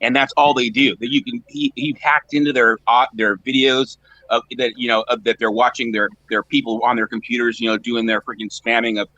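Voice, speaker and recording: Male panelist, halting rambly storyteller, sharp bright voice, mid pitch. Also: little pitch movement, no echo, highs cut off. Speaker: panelist on a live stream. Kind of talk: casual chat.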